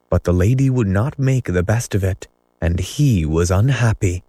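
A man reading a children's story aloud as narrator, in measured storytelling. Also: fairly low pitch, lively intonation, warm tone, no room sound. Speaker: audiobook narrator. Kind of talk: scripted narration.

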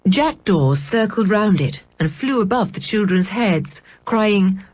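A woman reading a children's storybook aloud in a measured, expressive way. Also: mid-range voice, dry recording. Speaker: audiobook reader. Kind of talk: storybook narration.

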